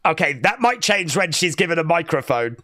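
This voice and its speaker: A host reacting live and excitedly during a stream, chatting, shouting and laughing between remarks. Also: medium pitch, a little fast.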